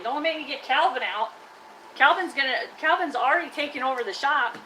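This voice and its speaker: A woman with a bright, forceful voice that sits a little high, talking on a live stream while she works in her shop. She chats loosely and teases her trash can as if it were a pal. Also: animated, moderate pace, a little hiss or hum, low-quality recording. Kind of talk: casual live-stream chat. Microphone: live-stream camera mic.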